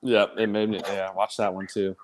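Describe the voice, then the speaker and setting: A man's voice: on the low side, flat delivery, normal speed, slight background noise. A man co-hosting a casual podcast, laid-back and full of "like" and "kinda". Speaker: podcast co-host.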